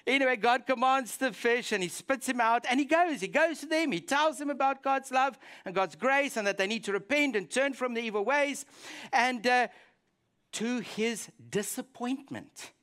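A man's voice: very high-pitched, unhurried. A man preaching a sermon as a pastor, telling a Bible story and acting out the prayers in it. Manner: animated storytelling, acts out quoted prayers.

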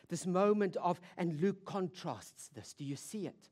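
A woman preacher giving a sermon, telling the story vividly with rhetorical questions and swinging between loud emphasis and hushed intensity. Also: on the low side, lively intonation, moderate pace, hardly any pauses.

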